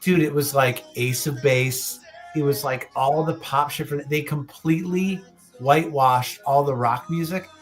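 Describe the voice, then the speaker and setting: A man's voice: a little high, steady tone, measured pace, faint music behind. A man in his late thirties co-hosting a casual podcast, rambling with lots of swearing and restarts. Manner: rambling, profane, restarts a lot. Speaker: podcast co-host.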